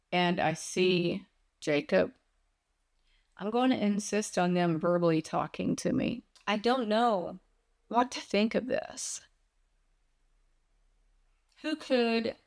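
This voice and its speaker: Slow, distressed woman vlogger. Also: mid-range voice. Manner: distressed and searching, slow with many pauses. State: on the verge of tears. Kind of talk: emotional personal vlog.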